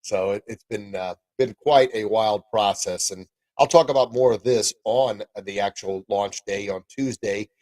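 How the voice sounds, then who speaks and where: A man's voice: on the low side, measured pace, a little mellow, dry recording, poor audio. A middle-aged man hosting a podcast and live stream in a casual, upbeat, rambling way, full of folksy exclamations. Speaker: podcast host and martial arts coach.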